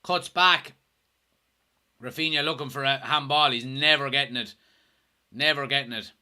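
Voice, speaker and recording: An Irish man from Kilkenny hosting a live football watchalong, commenting on the match, yelling and swearing at the referee, and reading out chat messages. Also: medium pitch, normal speed. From Ireland, Kilkenny. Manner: excitable, yells at the referee, swears. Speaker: watchalong host.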